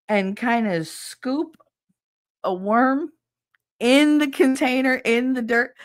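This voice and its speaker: A woman's voice: mid-range voice, dry recording, clean studio sound. A middle-aged woman hosting a stream, telling a funny story in a casual, profane way and mimicking other people with squeals. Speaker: stream host.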